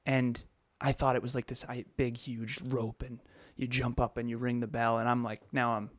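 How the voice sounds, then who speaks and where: A man's voice: mid-range voice, little pitch movement, normal speed, no echo. A man in his thirties co-hosting a podcast, telling a personal story in an emotional, confessional way with frequent restarts. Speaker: podcast co-host.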